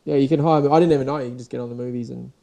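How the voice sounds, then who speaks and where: Gravelly, dark-voiced Australian man ranting. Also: mid-range voice, fairly even intonation, racing. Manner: rambling, sweary, restarts often. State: sore, dried-out voice. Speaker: podcast host. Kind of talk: casual solo rant.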